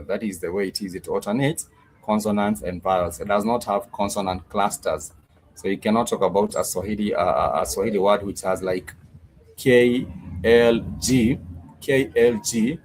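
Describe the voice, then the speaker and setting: A man teaching a Swahili lesson online, patiently repeating words and drilling them slowly, with plenty of fillers and restarts. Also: lowish voice, a little hiss or hum, rough recording.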